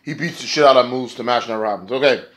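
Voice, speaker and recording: A man's voice: medium pitch, quick pace, a bit bright. A man casually reviewing a wrestling show, rambling, sarcastic and profane.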